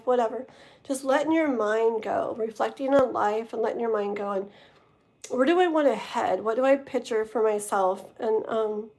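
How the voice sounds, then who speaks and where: Chatty, slightly high-voiced woman tarot reader. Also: a little mellow. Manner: chatty and rambling, reads card meanings aloud. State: tired, strained voice. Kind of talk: casual livestream chat and card reading.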